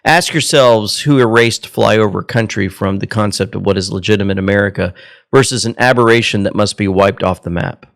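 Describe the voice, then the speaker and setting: A man's voice: lowish voice, fairly quick, creaky. A man from Georgia hosting a commentary show. He speaks earnestly and emotionally, calls his listeners folks, and leads a prayer. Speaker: host.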